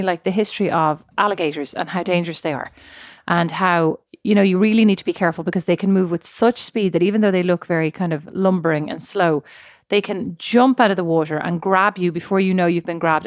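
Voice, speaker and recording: A woman's voice: lowish voice, brisk, few pauses, no room sound, studio quality. Irish woman telling chatty stories. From Ireland. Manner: chatty storyteller, acts out quoted voices. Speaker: podcast co-host. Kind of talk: casual chat.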